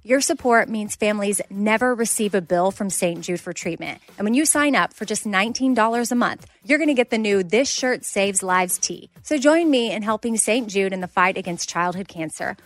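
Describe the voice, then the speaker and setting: A woman's voice: medium pitch, normal speed, hardly any pauses, dry recording. A woman reading a scripted charity ad with a sincere tone. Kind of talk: charity ad read.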